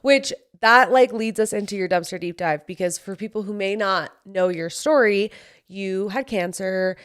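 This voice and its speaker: A woman's voice: mid-range voice, moderate pace, a bit bright, smooth. A woman hosting a podcast, chatting casually and laughing often. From Utah. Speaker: podcast host. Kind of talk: casual chat.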